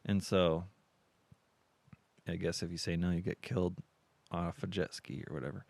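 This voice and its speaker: A man's voice: deep voice, steady tone, normal speed, vocal fry, darkish tone, dry recording. A man co-hosting a podcast, telling a rambling story in casual chat with lots of fillers. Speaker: podcast co-host.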